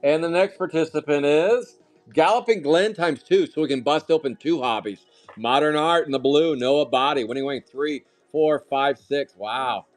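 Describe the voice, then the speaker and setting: A man hosting a live trading card break, calling out pulls with loud, excitable, jokey hype. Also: on the high side, normal speed. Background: faint music.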